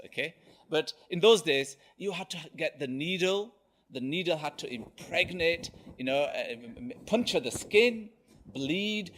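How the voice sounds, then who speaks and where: A man's voice: fairly high pitch, bright, forceful tone. A man giving a Friday sermon as a preacher, telling a story animatedly and often checking in with "okay?".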